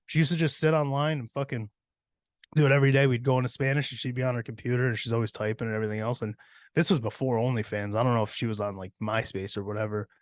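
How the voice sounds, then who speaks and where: A man in his thirties talks alone into a podcast mic, his rambling stories full of swearing and his own laughter. His voice sits at an ordinary pitch. The room is dead and dry, with no echo. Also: steady tone, fast talker. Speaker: podcast host. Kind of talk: casual storytelling monologue.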